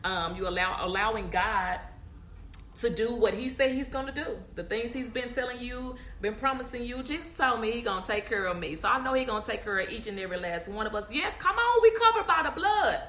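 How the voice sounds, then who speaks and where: A woman's voice: fairly high pitch, a little fast, pushed and bright, echoey room, a little hiss or hum. A woman hosting a podcast, giving a conversational, preachy faith talk straight to her listeners. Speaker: podcast host.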